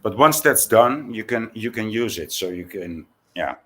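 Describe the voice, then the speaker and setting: A man co-hosting a livestream, explaining things in a halting, hesitant way. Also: lowish voice, lively intonation, fairly bright tone. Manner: hesitant, many fillers and restarts. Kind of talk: casual chat.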